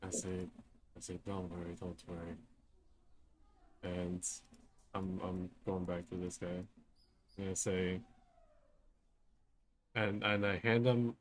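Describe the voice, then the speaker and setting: A man's voice: low-pitched, level tone, slow, pauses often, slight background noise. A young man playing a tabletop game, talking hesitantly with many fillers. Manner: hesitant, filler-heavy talk. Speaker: player. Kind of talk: casual tabletop game play.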